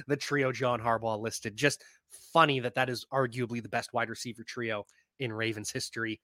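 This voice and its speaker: Male fantasy football podcast host, bright and forceful tone, close dry mic, casual animated delivery. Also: medium pitch, normal speed, dry recording. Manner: animated, laughs at his own points. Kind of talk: casual sports talk.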